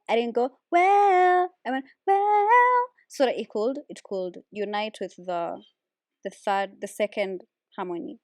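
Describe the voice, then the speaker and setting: A woman casually explaining how she builds vocal harmonies, relaxed and chatty with lots of fillers. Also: mid-range voice, no room sound, studio quality. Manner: relaxed, with many fillers like "like" and "so, yeah". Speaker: a cappella vocalist teaching harmony. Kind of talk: casual music tutorial.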